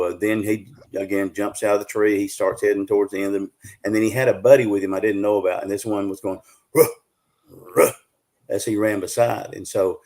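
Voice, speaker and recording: Speaking as a guest Bigfoot researcher on a live broadcast, a low-voiced Southern man recounts a story in a relaxed, homespun way. There's a darkish quality to his voice, and he draws things out with lots of filler words.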